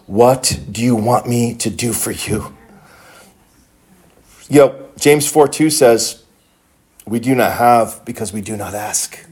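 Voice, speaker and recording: In his preaching, a man works through scripture, his delivery swelling from subdued, deep-toned lines into high, shouted cries.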